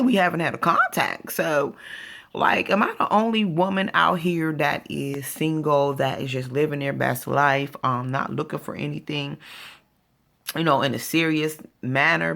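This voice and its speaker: Her voice is low, creaky and a little bright. This woman vlogger rants casually and with exasperation about something that happened, replaying people's words to her in their own voices.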